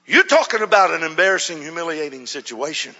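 A man preaching a sermon as a pastor, telling a story in an animated way, acting out quotes with shouts and whispers. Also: a little high, fast talker. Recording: dull recording in a hall with long reverb.

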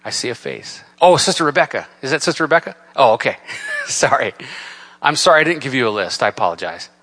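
A man preaching a sermon in a church. He reads scripture in a solemn cadence and builds from soft, low talk to loud, raised preaching. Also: sing-song, fast. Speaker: pastor. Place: church sanctuary.

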